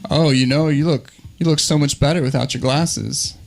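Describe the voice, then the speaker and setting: A man voicing a sharp-tongued older woman on a date, in a teasing, deadpan manner. It is a comedy storytelling bit. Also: fairly high pitch, moderate pace, creaky.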